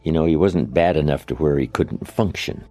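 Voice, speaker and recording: A man's voice: a bass voice, normal speed, warm tone, faint music behind. An older man giving a motivational speech, telling stories in a conversational, anecdotal way with tag questions. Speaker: motivational speaker. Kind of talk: storytelling speech. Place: lecture setting, played from an archive recording.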